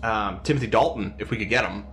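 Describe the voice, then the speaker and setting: An American man hosting a podcast, bantering and joking in quick, lively casual chat. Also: lowish voice, soft background music. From United States. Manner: jokey, animated, quick banter. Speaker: podcast host.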